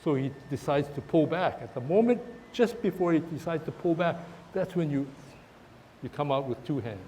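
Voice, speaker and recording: A man's voice: on the high side, lively intonation, dark tone, slight background noise. Man teaching tai chi outdoors. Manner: halting, many restarts and fillers, demonstrating moves while talking. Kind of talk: outdoor class instruction. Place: park, outdoors.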